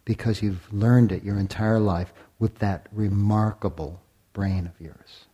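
A man teaching meditation in a dharma talk. His voice is dark, mellow and a little husky, and he speaks very slowly. He leaves long pauses, sometimes sinks to a near whisper, and keeps asking his listeners rhetorical questions. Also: on the low side, fairly even intonation.

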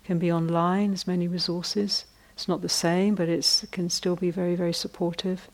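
Her voice is lowish and a little mellow, with a flat delivery. She's a middle-aged woman teaching meditation, offering a thoughtful dharma talk at a retreat in a chatty way, often pausing, restarting, and laughing at her own jokes.

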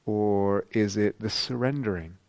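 Soft-spoken British man with gravelly lows. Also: no room sound. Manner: gentle, reflective, many pauses and restarts. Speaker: meditation teacher. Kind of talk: dharma talk. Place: retreat meditation hall.

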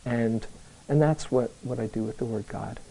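A man giving a dharma talk to a live group as a meditation teacher, telling a personal story slowly, with hesitant restarts. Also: medium pitch, warm tone, rough recording.

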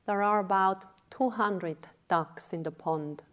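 A woman's voice: mid-range voice, slow pace, close to an everyday voice. A woman voicing a dull-witted man in a teaching story, calling out after his ducks in alarm. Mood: eager. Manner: calling out urgently. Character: simple-minded man, eager, then frantic over ducks.

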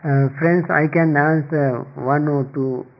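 A man who is a Buddhist monk, answering questions in a dharma talk in a slow, gentle, measured way with pauses, and he is losing his voice. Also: on the high side, fairly even intonation, gravelly, clear, resonant tone, lo-fi sound.

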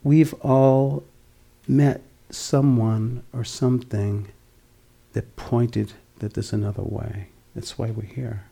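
A man in his sixties from the Boston area, giving a gentle, reflective dharma talk whose voice often drops to a near whisper. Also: medium pitch, steady tone, slow, gravelly, breathy edge. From Boston area, USA. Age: 60s. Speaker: meditation teacher.

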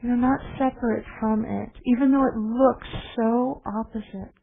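A woman's voice: on the high side, steady tone, normal speed, creaky, a little hiss or hum. A woman putting on the voice of a tender elderly meditation teacher in her eighties, with a German accent, who soothingly calls everyone darling. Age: 80s. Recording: tinny phone-like recording.

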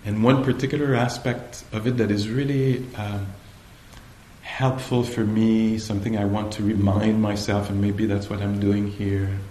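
A man giving a dharma talk at a meditation retreat, slow and hesitant, often pausing to search for the right words. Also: lowish voice, flat delivery, warm tone, a little hiss or hum. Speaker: meditation teacher. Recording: echoey room, faint ambience.

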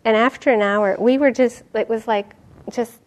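A middle-aged woman meditation teacher giving a dharma talk, telling stories in an animated way and laughing often. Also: fairly high pitch, normal speed. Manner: animated storytelling, laughing often, acting out quotes.

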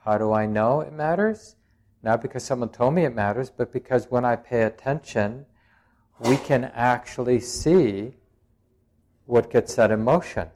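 A man at a middle pitch teaches meditation in a dharma talk. He speaks plainly and reflectively, feeling his way through each thought with frequent pauses and a light touch of humour. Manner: plain-spoken and gently humorous.

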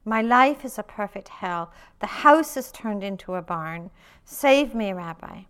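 A woman reading a story aloud, voicing a desperate poor man who pleads and laments loudly. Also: medium pitch, a little slow, smooth, lightly acted. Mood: wailing. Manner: loud, pleading, lamenting outbursts.

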